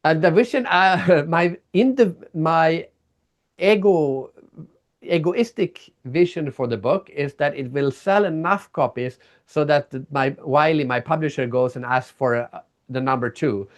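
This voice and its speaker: Animated storytelling man, slightly high. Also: measured pace. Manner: animated storyteller, acts out reactions. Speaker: guest, keynote speaker and author. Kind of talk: casual interview chat.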